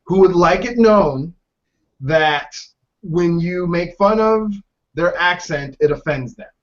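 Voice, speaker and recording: Male podcast host, bit high-pitched, muffled lo-fi recording, quick jokey political chat. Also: lively intonation. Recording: dull lo-fi podcast audio.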